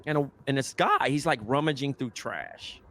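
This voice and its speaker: A young man of average pitch spins a story for his podcast co-hosts. He talks in loose, profane slang and bursts into the voices of the people in his story. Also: moderate pace, a little hiss or hum. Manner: animated, slangy and profane, acts out quoted voices. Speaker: podcast co-host. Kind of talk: casual storytelling chat.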